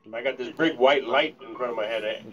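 A man's voice: medium pitch, fast talker, a bit bright. A man doing live stand-up on an outdoor stage, chatty and teasing his family in the crowd. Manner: chatty, teasing the crowd, laughing between lines. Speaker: stand-up comedian. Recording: distant, dull live recording.

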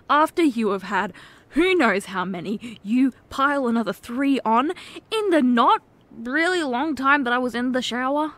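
A woman in a whispered role-play as a girlfriend, talking softly and earnestly, swinging between hushed pleading and sharp, swearing exasperation. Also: a little high, no echo. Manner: swears when frustrated. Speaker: ASMR role-play performer.

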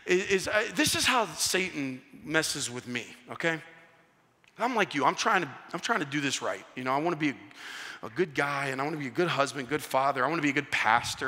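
A man preaching a sermon in a church, animated and story-driven, acting out both sides of conversations. His voice is bright and forceful and sits a little high for a man. A long hall reverb trails after his words. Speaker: pastor.

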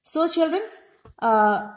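A woman teacher giving a classroom lesson, speaking deliberately and spelling words out letter by letter. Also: sits high, animated. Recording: echoey room.

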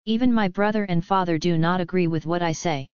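A woman's voice: on the low side, brisk, smooth, no room sound, dull audio, close to an everyday voice. A woman reading as a guilt-ridden young noblewoman. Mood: pleading. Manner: earnest, pleading formal speech.

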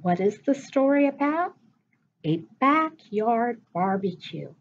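Teacher lady reading a kids book out loud real slow, kinda high voice, asks the class stuff, dull lo-fi recording. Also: big pitch swings, a little hiss or hum. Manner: stops to ask listeners questions. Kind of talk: reading a picture book aloud to children.

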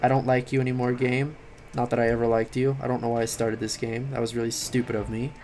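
A tired young man giving late-night game commentary, rambling, swearing and yelling at the game. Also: mid-range voice, little pitch movement, fast, a little hiss or hum. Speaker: gaming commentator.

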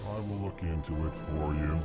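An actor playing a formal alien male ambassador who speaks flatly and names his own feelings, from a game. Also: very deep voice. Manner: flat, slow, announces his emotions. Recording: game audio over music.

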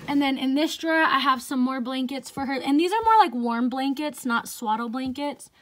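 A woman's voice: sits high, normal speed. A pregnant young woman in her twenties giving a chatty vlog tour, gushing over things and short of breath. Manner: chatty, gushing, says "like" a lot. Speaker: vlogger.

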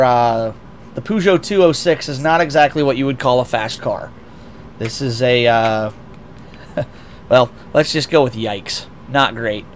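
This VTuber streamer, a young man from the United States, talks with a mid-range voice while playing a racing game. It's casual livestream chat where he reads messages aloud, rambling, restarting often, and poking fun at himself. Slight background noise sits underneath.

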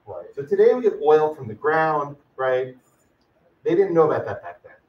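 A man's voice: a little high, sing-song, normal speed. A man teaching a law class, casually calling on students by name and asking them questions. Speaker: law professor. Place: lecture classroom. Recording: distant, echoey, dull classroom recording.

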